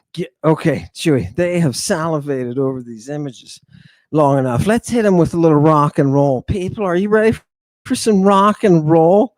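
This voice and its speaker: A man's voice: fairly high pitch, darkish tone, dry recording. A man giving a theatrical lecture to his audience, exclamatory and mocking, with sudden outbursts and asides, and he keeps quizzing his listeners.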